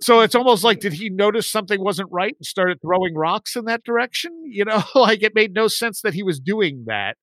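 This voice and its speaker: A man in his forties telling a story in a casual chat, rambling and lively when he quotes his friends. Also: high voice, fairly quick, hardly any pauses, no room sound.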